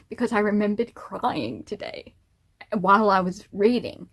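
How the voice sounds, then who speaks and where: A woman's voice: medium pitch, sing-song, normal speed. Chatty young woman, rambling vlog. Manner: rambling, self-amused, giggly. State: teary and emotional. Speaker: vlogger. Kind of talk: casual chat to camera.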